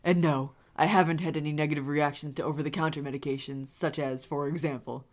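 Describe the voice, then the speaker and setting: Brief: woman reads a composed male officer, low pitch, smooth and measured delivery. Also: fairly even intonation, close to an everyday voice.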